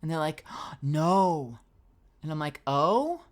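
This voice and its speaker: A woman voice actor streaming from her home booth, telling a story in an animated way and acting out both sides of the conversation. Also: deep voice, slow. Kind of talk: casual stream chat.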